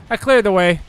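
A young man giving casual, excitable let's play commentary, joking crudely and shouting at the game. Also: sits high, smooth. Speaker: gameplay commentator.

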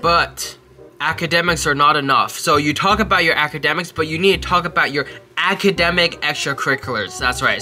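Animated young man with a bright edge. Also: on the high side. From Texas. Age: young adult. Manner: animated and self-mocking, with quick mumbled asides. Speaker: college student giving essay advice. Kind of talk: casual advice vlog.

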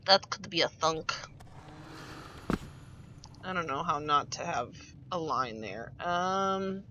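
A woman's voice: sits low, slow, lo-fi sound, noisy background. A woman streaming a game in rambling, giggly casual chat, swearing freely as she goes. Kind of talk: casual chat while playing.

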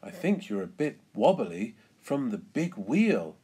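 A confident mother pig who is sure she can win, as a man puts her on for a storybook. She speaks firmly and slowly with plenty of melody. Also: medium pitch, big pitch swings, dark tone, breathy edge, exaggerated voice.

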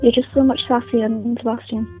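A woman calling in as a fan, giggly and flustered, stammering through an excited phone call. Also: a little high, brisk, faint music behind. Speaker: fan caller.

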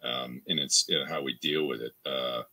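A man's voice: fairly even intonation, moderate pace, creaky, sharp tone. A man from Canada, a voice actor answering interview questions in a rambling, casual way, full of restarts and fillers. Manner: acts out quoted fans in a higher voice. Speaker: voice actor guest.

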